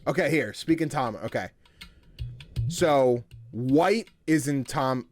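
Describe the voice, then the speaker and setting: A man's voice: mid-range voice, takes it slowly, faint music behind. A young man chatting casually and self-deprecatingly as he streams a story game. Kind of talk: casual gameplay commentary.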